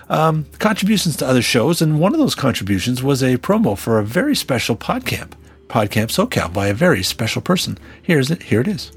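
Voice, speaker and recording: A man's voice: medium pitch, breathy edge. A man hosting his podcast in a chatty, rambling, joking way. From Canada. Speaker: podcast host. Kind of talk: casual podcast chat.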